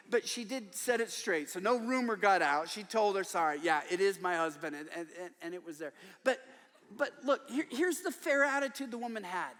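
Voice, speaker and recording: Older guy preaching, fairly high voice, animated storyteller, long echo like a big church. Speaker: guest preacher. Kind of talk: sermon. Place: large church worship center.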